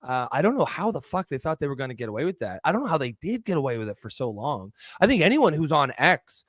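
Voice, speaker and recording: A man's voice: fairly high pitch, big pitch swings, fast, a bit bright, no echo, studio quality. Easygoing man co-hosting. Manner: easygoing, laughs along, swears casually. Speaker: podcast co-host. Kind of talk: casual political chat.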